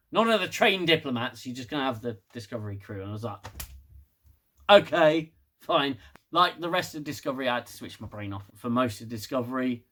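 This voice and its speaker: A man's voice: mid-range voice, bright, forceful tone. A man giving a casual, sarcastic, sweary solo review of a TV episode.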